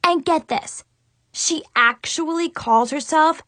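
A woman's voice: a little high, expressive, measured pace, a bit bright, no room sound. A woman narrating a storybook in the first person as a teenage girl, dramatic and exasperated. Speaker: audiobook narrator.

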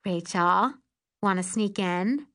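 A woman's voice: medium pitch, takes it slowly, fairly bright tone. A woman voicing a chatty, eager teen girl at camp in an audiobook.

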